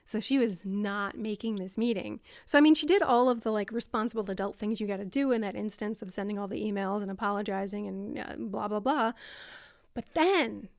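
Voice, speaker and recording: A woman's voice: medium pitch, fairly quick, gravelly, no room sound, studio quality. A woman explaining self-compassion to camera in a casual, conversational way, with many fillers. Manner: conversational, lots of fillers, acts out voices.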